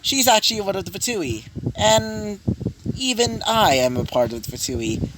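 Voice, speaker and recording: A carefree young fighter who greets strangers with easy friendliness, as a male storyteller puts him on. His voice is a touch high and bounces around. Background noise hangs over the recording. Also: sing-song, normal speed. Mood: easygoing. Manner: easygoing, friendly. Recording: noisy home recording.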